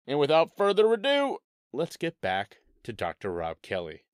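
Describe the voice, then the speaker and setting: A man's voice: a little high, huge pitch swings, moderate pace, very noisy. A man hosting a podcast who speaks directly to his listeners in an upbeat way. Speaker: podcast host.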